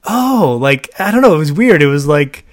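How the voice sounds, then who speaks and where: A man co-hosting a casual chat, animated and talkative, acting out quoted voices in his stories. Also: a little high, normal speed, no echo, clean studio sound. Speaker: podcast co-host.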